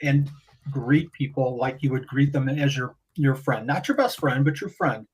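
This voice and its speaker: A man talking as a guest on a podcast, animated and rambling, often restarting his sentences. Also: medium pitch, moderate pace, slightly rough, low-quality recording. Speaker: guest breeder. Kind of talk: casual podcast conversation.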